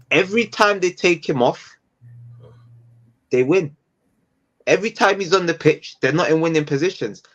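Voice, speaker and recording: Reflective man, slightly dull sound. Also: a little high. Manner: reflective, repeats phrases for emphasis. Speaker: podcast panelist. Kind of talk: casual football chat.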